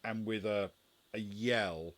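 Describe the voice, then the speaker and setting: Low-voiced man narrating a game. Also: fairly even intonation, takes it slowly, fairly bright tone. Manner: hesitant, many fillers and restarts. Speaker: game master.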